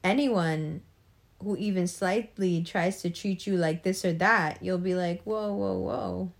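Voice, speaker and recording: A young adult woman talking casually to camera, laughing often and acting out people's reactions. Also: lowish voice. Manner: laughs often, acts out reactions, drawn-out delivery. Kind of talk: casual monologue.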